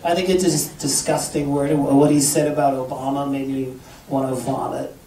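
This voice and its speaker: A man's voice: mid-range voice, fairly quick. A man tells stories at a live interview, joking, cursing and acting out what people said. He sounds far from the mic in an echoey venue. A crowd murmurs and reacts around him. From Canada. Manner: animated, joking, swearing, acts out quotes. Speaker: guest author. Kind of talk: live interview before an audience. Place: live event in a bar venue. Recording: echoey room, far from the mic, audience noise.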